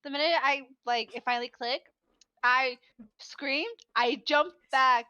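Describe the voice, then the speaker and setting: A woman who works as a teacher, telling animated stories in a casual podcast chat and acting out the children's voices. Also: high voice, a little slow, clean tone, no echo, dull audio. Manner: animated storyteller, acts out kids' voices. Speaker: preschool teacher.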